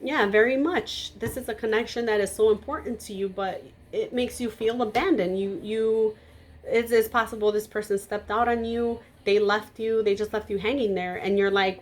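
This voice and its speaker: A woman giving a tarot reading to camera, blunt and emphatic, naturally loud, with casual swearing. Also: mid-range voice, steady tone, moderate pace. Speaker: tarot reader.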